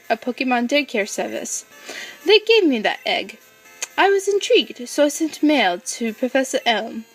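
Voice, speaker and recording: A woman voicing an eccentric older British gentleman in a game playthrough, with a deliberately hammy put-on British accent. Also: sits high, recorded from a distance, poor audio.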